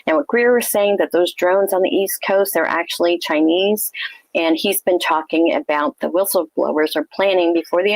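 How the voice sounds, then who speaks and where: A woman hosting a casual livestream, chatty and loose, her speech full of ums and restarts. Her voice sits low and has a gravelly edge. The sound is dry and close, with almost no room around it. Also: no room sound, rough recording. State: throat tickle, coughing. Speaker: host.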